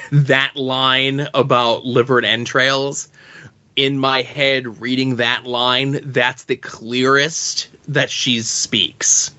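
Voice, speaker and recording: A man's voice: medium pitch, flat delivery, extremely slow, sharp tone, lo-fi sound. A man co-hosting a podcast, chatting casually and musing aloud about a comic character. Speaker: podcast co-host. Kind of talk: casual chat.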